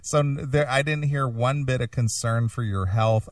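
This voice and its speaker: A man's voice: mid-range voice, moderate pace, few pauses, no echo, clean studio sound, far from the mic. A man hosting a casual radio talk show, blunt and probing, repeating points for emphasis. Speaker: host.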